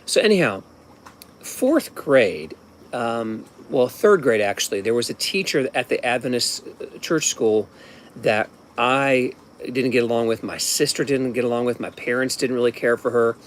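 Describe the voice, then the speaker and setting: A man's voice: mid-range voice, normal speed, a little hiss or hum. A man in his fifties from Ohio telling a personal story at home in a casual, rambling way, often restarting and adding asides. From Ohio, USA. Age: 50s.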